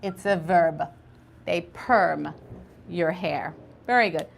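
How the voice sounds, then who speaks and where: A woman's voice: fairly low pitch, slow, vocal fry, slight background noise. A woman teaching an online English conversation class, patiently spelling out words and drilling pronunciation.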